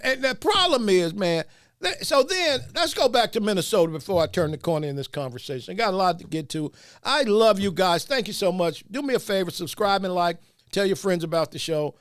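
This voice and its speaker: A man hosting a podcast, mocking video clips with loud laughter and comic commentary. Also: sits high, dry recording, clean studio sound. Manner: mocking, laughs a lot, animated. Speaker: podcast host. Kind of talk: comedic commentary.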